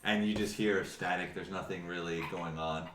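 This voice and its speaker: A man narrating as game master in a halting way, full of fillers and restarts. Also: deep voice, fairly even intonation, reverberant, very noisy. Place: home room, online session.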